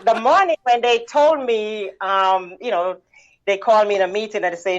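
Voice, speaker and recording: A woman from the Caribbean tells her story as an interview guest. She talks in an animated way, with lots of "you know"s and laughter. The recording sounds muffled and lo-fi. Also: mid-range voice, moderate pace. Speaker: guest, bookkeeping business owner.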